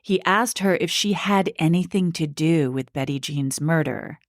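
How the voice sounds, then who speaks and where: A woman's voice: low voice, normal speed, no echo, studio quality. A woman co-hosting a podcast, telling a true-crime story in a casual, chatty way with asides. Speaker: podcast co-host.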